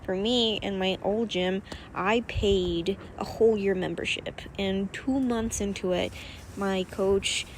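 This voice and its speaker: A young woman speaks at an ordinary middle pitch in a loose vlog style. She rambles, repeats words and leans on fillers as she talks. A faint hiss of noise sits behind her voice. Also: fairly even intonation, slow. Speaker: vlogger and coach. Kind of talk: casual vlog talk.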